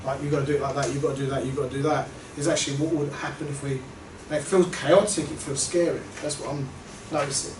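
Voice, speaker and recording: A man giving a reflective workshop talk to a group, earnest and halting, often trailing off softly. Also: medium pitch, fairly even intonation. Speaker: workshop presenter. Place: meeting room. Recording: echoey room from far off, noisy.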